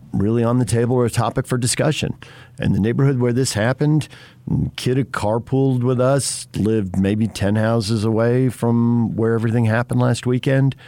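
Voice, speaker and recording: A man's voice: fairly low pitch, a little mellow, no echo. A man hosting a sports radio talk show, chatting casually and teasing his co-hosts. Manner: chatty, teasing, laughs often.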